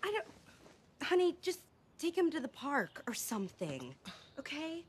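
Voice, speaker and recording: An actress playing an anxious, bossy young wife who frets and scolds in quick bursts. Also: female voice, high-pitched, wildly swooping pitch, heavily acted. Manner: rapid, fretting, scolding. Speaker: wife and mother.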